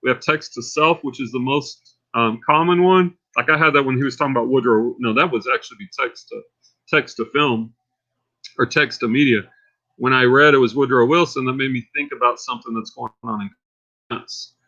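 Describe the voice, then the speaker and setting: A Texan man of medium pitch runs a casual livestream, speaking a little fast over dull audio. His rambling grows excitable until he's fired up.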